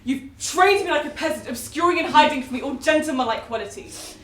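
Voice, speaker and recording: A woman's voice: fairly high pitch, normal speed, reverberant, close to an everyday voice. Woman playing a defiant young brother. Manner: defiant, declamatory. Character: proud wronged youngest brother. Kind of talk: amateur stage acting.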